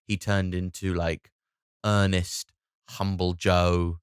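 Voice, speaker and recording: Rambling, sweary British comedian. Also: male voice, deep voice, flat delivery, slow pace, clear, resonant tone, no room sound, studio quality. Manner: rambling and sweary, lots of restarts. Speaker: comedian and podcast host. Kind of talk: comedic solo podcast monologue.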